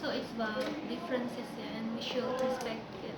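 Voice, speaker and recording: A woman student asks hesitant questions from the far side of the room. Her voice sits a bit high, and it comes through echoey and buried in loud background noise. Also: flat delivery, normal speed.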